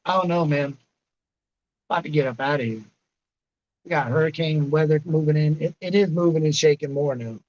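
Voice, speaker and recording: A man's voice: a little high, brisk, pauses often, darkish tone, lo-fi sound. A man in his late thirties hosting a livestream, rambling casually and answering chatters by name. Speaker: livestream host reading chat.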